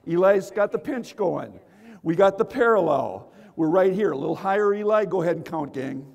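Male seminar host, high-pitched, playful crowd worker; hall-reverb sound. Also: animated, moderate pace, vocal fry, darkish tone. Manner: playful, teasing, call-and-response with the crowd. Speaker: motivational speaker and magician. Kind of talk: energetic seminar talk with audience participation. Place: large hall with audience.

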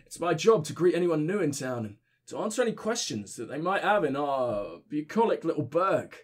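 A man's voice: a little high, sing-song, moderate pace. A man voicing a shambling, drunken male town greeter with a slurred voice, reading game dialogue aloud. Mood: tipsy, rambling.

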